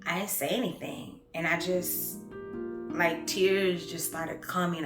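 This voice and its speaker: A woman recounting her own story in an earnest, reflective way, halting often with pauses and fillers. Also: lowish voice, echoey room, over music. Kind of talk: personal storytelling.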